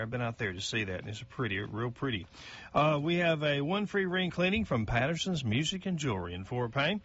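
A man's voice: on the high side, fairly bright tone, lo-fi sound. A middle-aged man, a local radio host reading out birthday announcements in a folksy, chatty way that stumbles over names.

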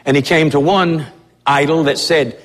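A man's voice: fairly high pitch, fairly even intonation, normal speed. A man preaching a sermon as pastor of his church, in an impassioned, emphatic way. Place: church sanctuary. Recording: long reverb of a church hall.

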